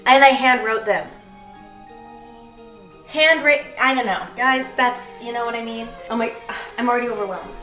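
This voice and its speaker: A woman's voice: fairly high pitch, normal speed, sharp tone, soft background music. A young woman chatting casually and self-deprecatingly while she bakes in her kitchen, rambling as she goes. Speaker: vlogger. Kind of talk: casual baking vlog chat. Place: home kitchen. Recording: roomy kitchen, mic at a distance.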